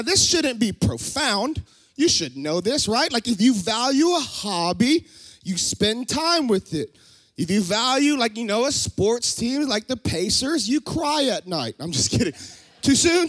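A middle-aged man preaching a sermon in church, telling a personal story with lively shouts and low asides. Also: no echo. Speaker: pastor. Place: church sanctuary.

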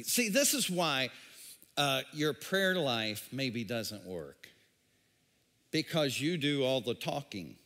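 Stammering pastor in a reverberant hall. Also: male voice, mid-range voice, sing-song, slow pace, bright, forceful tone. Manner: repetitive, stammering, questions to the crowd. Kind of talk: sermon.

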